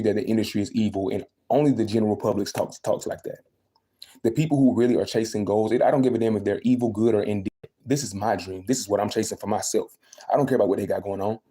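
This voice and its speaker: Young man, quick emphatic livestream rant, low and warm. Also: fairly even intonation. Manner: venting, emphatic, repeats himself. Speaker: livestreaming vlogger.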